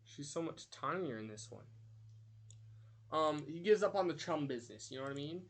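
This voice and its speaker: A man's voice: on the high side, expressive, moderate pace. Young man rambling on a stream. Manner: rambling storytelling, counting aloud while drawing. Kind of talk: casual live-stream chat.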